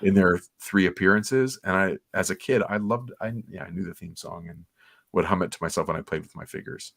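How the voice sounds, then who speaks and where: Deep-voiced man chatting nostalgically. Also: fairly quick, vocal fry, a bit bright, no room sound. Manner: enthusiastic, rambling, nostalgic. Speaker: comics podcast co-host. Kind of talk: casual livestream commentary.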